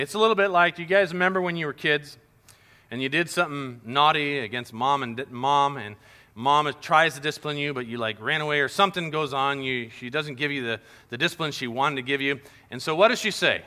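Bright-voiced, animated male preacher. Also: mid-range voice, brisk. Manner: animated, playful, acting out scenes. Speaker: pastor. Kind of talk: sermon to kids and families.

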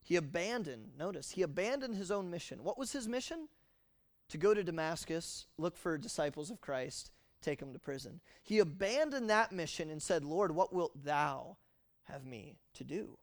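A man preaching a sermon, emphatic and animated, acting out the lines he quotes. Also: a little high, moderate pace, no echo, clean studio sound.

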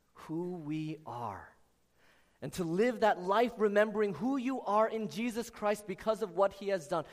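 An earnest man preaches to his congregation, calling people out by name as he goes. His voice sits a little high for a man. The sound carries a long reverb from a large church sanctuary. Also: darkish tone. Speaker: pastor. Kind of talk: sermon.

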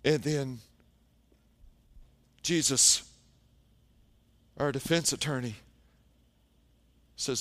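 A man preaching a sermon, telling stories and often dropping to a hushed tone for emphasis. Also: medium pitch. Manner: storytelling preacher, dramatic pauses, drops to hushed tones. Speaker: pastor.

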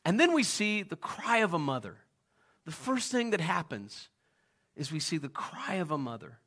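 A middle-aged pastor delivering a sermon with a bright, forceful voice pitched a little high. He talks in a conversational way and keeps turning to the congregation with questions like he's chatting with them. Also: big pitch swings, moderate pace.

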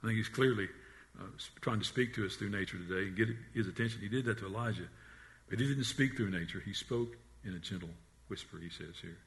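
Man preaching a sermon, lowish voice, earnest, repeats himself, drops to a hush. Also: quick pace. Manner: earnest preaching, dropping to a hush on quiet lines; frequent restarts and repeated words. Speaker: pastor.

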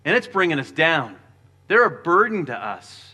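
Bright-voiced man preaching a sermon. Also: fairly high pitch, sing-song, moderate pace. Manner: earnest preaching, with quieter stretches of scripture reading. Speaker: pastor.

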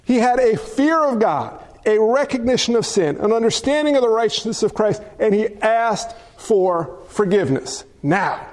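A man's voice: high-pitched, animated, normal speed, darkish tone. A male pastor preaching a sermon, emphatic, with many rhetorical questions to his congregation.

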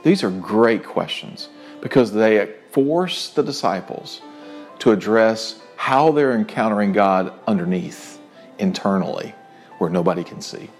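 A man's voice: fairly low pitch, unhurried, soft background music. Earnest middle-aged man preaching conversationally. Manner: earnest, conversational preaching with animated retold dialogue. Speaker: pastor. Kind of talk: sermon.

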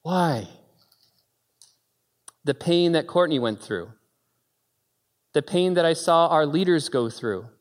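A man's voice: animated, takes it slowly, pauses often. Man preaching in an echoing hall. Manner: swings from quiet storytelling to loud, high-pitched exclaiming. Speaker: pastor. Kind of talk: sermon.

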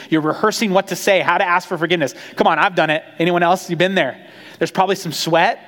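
Male pastor, conversational storytelling sermon, higher-pitched, echoing hall. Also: fast talker. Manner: conversational, animated storytelling with acted quotes.

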